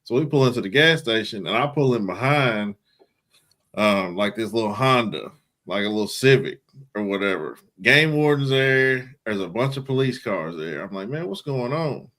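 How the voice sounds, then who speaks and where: A man with a bright, forceful voice tells a laid-back story as a podcast co-host. His speech is casual and full of slang. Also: fairly low pitch. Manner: relaxed, drawn-out anecdote with slang.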